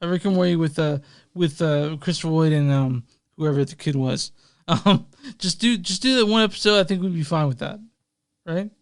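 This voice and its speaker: A man co-hosts a relaxed podcast, rambling through his points with plenty of fillers and casual swearing. His voice is smooth and resonant, sitting a bit higher than most men's. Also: normal speed, no echo, clean studio sound. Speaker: podcast co-host and editor.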